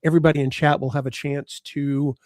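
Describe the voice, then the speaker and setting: A man's voice: fairly high pitch, little pitch movement, brisk, darkish tone, dry recording, clean studio sound. A man co-hosting a live fan show in casual chat, greeting viewers in the chat and joking around. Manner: chatty, reads out chat names, joking. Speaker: podcast co-host.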